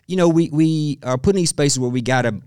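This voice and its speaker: A middle-aged man speaking as a guest expert in a podcast interview, telling stories in an animated way and laughing often. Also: fairly high pitch, a little fast, clear, resonant tone, no echo, clean studio sound.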